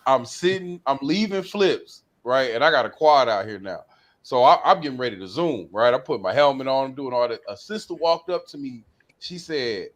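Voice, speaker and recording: A man telling an energetic anecdote in casual chat, often repeating his phrases. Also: medium pitch, normal speed. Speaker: guest. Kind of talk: casual storytelling on a livestream.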